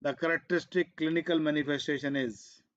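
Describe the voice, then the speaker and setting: A man teaching an exam revision class, who explains slowly and repeats himself, switching into Hindi now and then, and keeps coughing and clearing his throat. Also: a little high, steady tone, lo-fi sound. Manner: slow, repetitive explaining, switching into Hindi asides. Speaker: medical exam coaching teacher. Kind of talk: live exam revision lecture.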